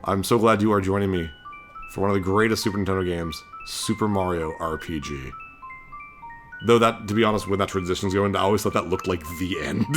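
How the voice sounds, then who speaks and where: A man hosting a let's-play, chatting excitedly through his gameplay and laughing often. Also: low voice, a little fast. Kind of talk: gameplay commentary. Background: game music.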